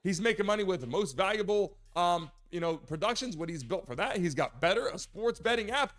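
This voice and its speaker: Animated high-voiced man hosting sports talk. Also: fairly quick. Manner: animated, swings between loud emphasis and low asides. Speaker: host. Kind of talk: solo sports talk commentary.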